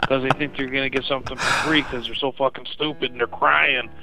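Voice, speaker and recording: A man's voice: mid-range voice, level tone, quick pace, creaky, sharp tone, low-quality recording. A man leaving a rambling, profane voicemail rant, saying "you know" again and again. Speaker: voicemail caller. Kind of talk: crude ranting.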